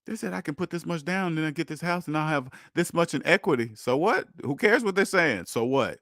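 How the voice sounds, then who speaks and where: A man in his thirties talks casually as the host, his voice a little high. He is animated, laughs often and slips into mock voices between rhetorical questions. The sound is dry and close. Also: a little fast, no room sound. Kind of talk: casual monologue.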